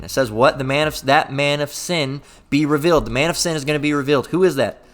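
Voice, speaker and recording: A man preaching and reading scripture in a forceful, profane style, constantly tagging his points with a questioning "all right?" and stumbling over repeated words. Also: on the high side, fast, few pauses, soft background music.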